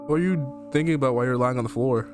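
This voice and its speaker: A man's voice: medium pitch, very fast, music in the background. A man playing a horror game on stream, reading the game's lines aloud and reacting with laughter and a lot of swearing. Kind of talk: let's play commentary, reading game text aloud.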